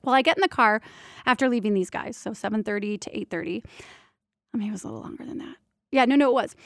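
A woman working as a doula, telling stories from her work in a lively, candid, casual monologue that slips in the odd mild swear. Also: medium pitch, quick pace, no room sound, studio quality. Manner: animated, candid, playful, drops mild swears. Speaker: doula and prenatal yoga teacher.

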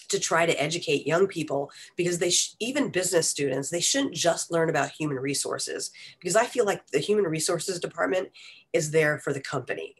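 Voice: medium pitch, husky. An adult interview guest answering earnestly, with many um fillers. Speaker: union media guest being interviewed. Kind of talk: interview conversation.

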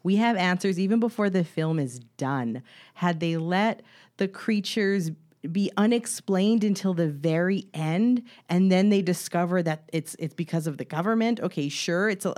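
A woman with a fairly low voice lays out her argument on a casual podcast. She speaks in a steady, measured manner, dropping in the odd filler as she goes. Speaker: podcast debater. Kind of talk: casual debate chat.

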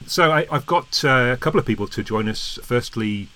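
A man's voice: mid-range voice, animated, normal speed, hardly any pauses, sharp tone. A man hosting a podcast, talking in an eager, plummy, theatrical way in a comedy sketch and casual chat. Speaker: podcast host.

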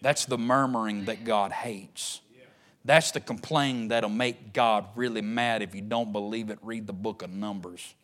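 A man preaching a sermon as pastor, swinging between loud emphatic lines and hushed ones. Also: lowish voice, fairly even intonation, a little slow.

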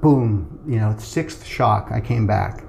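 A man's voice: on the low side, slow, creaky, a little mellow, slight background noise. A middle-aged man telling a personal story in casual conversation, acting out the voices of the people in it. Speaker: guest telling his story.

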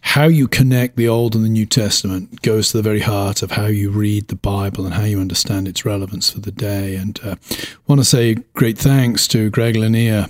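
A man hosting a podcast, wrapping up in a measured way with frequent uhs. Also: on the low side, steady tone, no room sound, studio quality. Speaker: podcast host. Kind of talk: podcast closing remarks.

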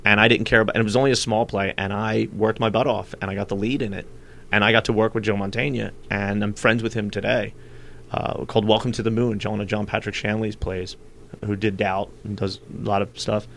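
A man chatting as an interview guest, a loud, animated storyteller. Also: fairly low pitch, a little fast, gravelly. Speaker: guest, comedian and actor. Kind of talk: casual chat.

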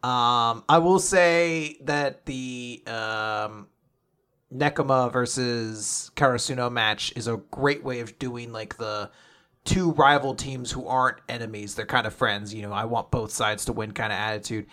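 A man's voice: medium pitch, steady tone, unhurried, a bit bright. A man co-hosting a podcast in casual chat, joking, laughing often and swearing freely. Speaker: podcast co-host.

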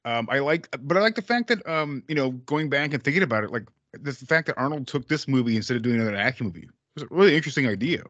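A man's voice: mid-range voice, lively intonation, fast, hardly any pauses, a bit bright, dry recording, highs cut off. Rambling, cursing man talking movies. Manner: rambling, profane, quotes lines in playful voices. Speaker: podcast co-host. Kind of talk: casual movie discussion.

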